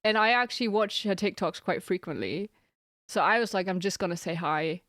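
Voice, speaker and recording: A woman's voice: medium pitch, a little fast, fairly bright tone, dry recording. Giggly young woman streamer, dry sound. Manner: giggly, rambling storytelling. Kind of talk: casual chat with stream viewers.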